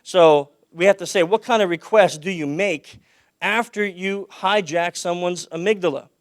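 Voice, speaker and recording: A man speaking at a conference with a fairly high, smooth, resonant voice. He projects loudly and dips low and quiet when he tells a story. The sound is close and dry. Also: moderate pace, no echo. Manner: projects loudly, drops his voice low for anecdotes. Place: conference hall.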